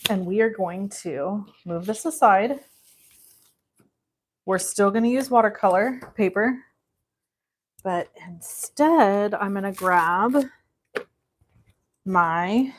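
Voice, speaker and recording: Slow, chatty woman hosting a craft stream. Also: mid-range voice, slight background noise. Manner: chatty, talks directly to viewers. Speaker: card-making host. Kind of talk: live crafting demonstration.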